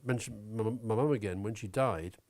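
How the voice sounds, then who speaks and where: Lowish guy giving his opinions in an interview, animated, swears a bit. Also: moderate pace. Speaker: interview guest. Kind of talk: conversational interview.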